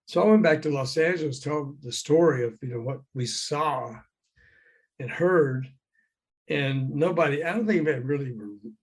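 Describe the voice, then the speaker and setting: A man's voice: fairly high pitch, moderate pace, husky. An older man, a former record promoter, tells anecdotes as a guest in a conversation over a call. He acts out the voices of the people he quotes and chuckles often. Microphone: remote call.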